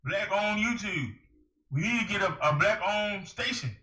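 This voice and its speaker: A man's voice: sits high, animated, a little slow, pushed and bright. A man delivering a preachy, emphatic monologue to camera, firing rhetorical questions at the listener. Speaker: vlogger giving advice. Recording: echoey room.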